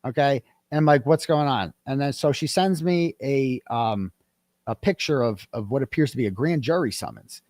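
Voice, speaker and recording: A man, a guest in an interview, telling a story in a casual, animated way and acting out the quoted dialogue. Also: medium pitch, moderate pace, no echo, clean studio sound.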